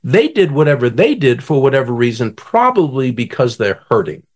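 A male conflict coach talking with a voice that rises and falls widely. He is animated and draws the host in, asking him to finish his sentences. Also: mid-range voice, normal speed. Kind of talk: guest in an interview, coaching talk.

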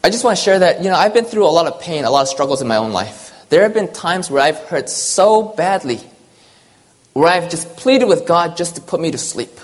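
An earnest preacher giving a personal sermon, moving between urgent, rising lines and hushed, quiet ones. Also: mid-range voice, expressive, a little fast.

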